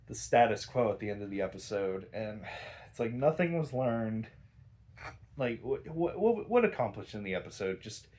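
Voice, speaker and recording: A man's voice: medium pitch, a little mellow. A young man reviewing a cartoon episode in casual, rambling chat, swearing often, sighing and exasperated. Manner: sighs a lot, frequent fillers.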